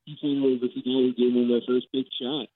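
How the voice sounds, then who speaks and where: A man's voice: medium pitch, level tone, fast, no echo. A man in his thirties, a stand-up comedian, talking in an easygoing, joking way as a guest on a radio show. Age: 30s. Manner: easygoing, joking, some stumbles. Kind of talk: casual radio interview chat. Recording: dry, tinny phone-like line.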